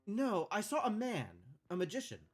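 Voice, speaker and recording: A practical woman presses with pointed questions, read by a man. Her voice sits noticeably higher than his natural one. The delivery is direct and probing. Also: huge pitch swings, normal speed, husky, soft background music, heavily acted. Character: guarded, practical woman visitor.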